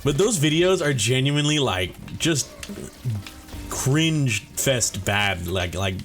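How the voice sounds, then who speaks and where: A man with a medium-pitched, slightly bright voice hosts a gaming let's play, speaking a little slowly with lively intonation. He rambles and curses casually, piling on filler words and mixing mock-serious swagger with jokes. Faint game music plays behind him.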